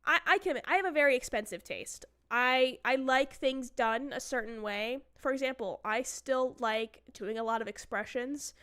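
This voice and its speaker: A woman's voice: high voice, moderate pace, hardly any pauses, pushed and bright, smooth. A woman streamer telling a long story in casual chat, acting out quotes and swearing now and then. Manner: chatty storyteller who acts out quotes and swears.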